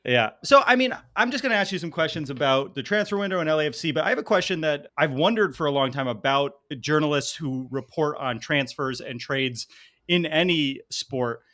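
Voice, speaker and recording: Joking male podcast host, slightly high. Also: lively intonation, brisk, fairly bright tone. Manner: joking, laughs a lot, rambling questions. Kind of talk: casual podcast interview.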